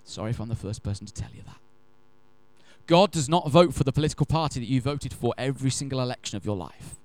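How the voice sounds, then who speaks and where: A male preacher delivers his sermon as an animated, emphatic story, slowing right down to stress the phrases he wants to land. His voice sits at an ordinary middle pitch. The sound is dry and close, with no room echo. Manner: animated, emphatic storyteller who acts out quotes; slows down to stress key phrases.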